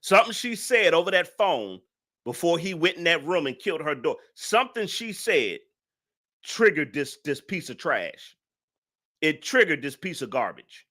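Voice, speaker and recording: A man's voice: fairly high pitch, big pitch swings, normal speed, sharp tone. A man hosting a reaction commentary, ranting angrily and repeating himself with heavy profanity. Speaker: commentary channel host.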